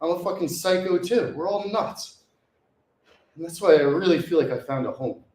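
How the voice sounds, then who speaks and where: A man talking casually to his camera between sets, swearing freely and pumping himself up, sometimes a little out of breath. His voice sits a touch on the higher side. The sound bounces around an echoey gym room. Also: normal speed, darkish tone. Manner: profane, hyped self-talk between sets. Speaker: fitness vlogger. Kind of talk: casual workout vlog talk.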